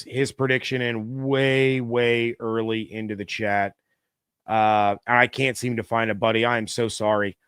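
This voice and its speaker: A man's voice: mid-range voice, a bit bright, clear, resonant tone, no room sound, clean studio sound. A middle-aged man hosting a casual live sports show, chatting loosely and reading viewer comments aloud with many fillers. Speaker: podcast host.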